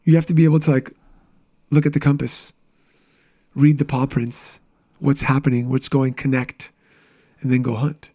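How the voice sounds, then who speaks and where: A man's voice: mid-range voice, flat delivery, dark tone. A man in his thirties, a business coach, telling candid personal stories in a casual interview chat. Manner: candid, storytelling, quick asides.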